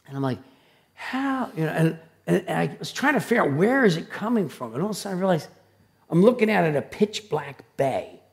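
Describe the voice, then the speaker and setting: A man preaching a sermon, telling stories in a loud, animated, dramatic way. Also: a little high, fast, gravelly. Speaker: pastor. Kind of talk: sermon with personal storytelling.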